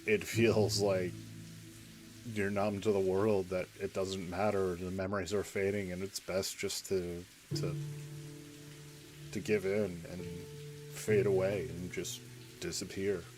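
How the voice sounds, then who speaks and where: A man streaming a game, speaking candidly in halting, emotional phrases with his voice thick with tears. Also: sits low, flat delivery, music in the background. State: tearful, choked up. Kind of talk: casual let's-play commentary.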